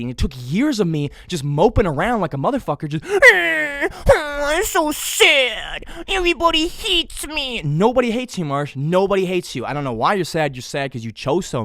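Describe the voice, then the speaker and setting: A young man hosts his own podcast in a casual, rambling solo monologue, swearing often and mocking himself in a whiny voice. His mid-range voice is captured in a dry recording with clean studio sound.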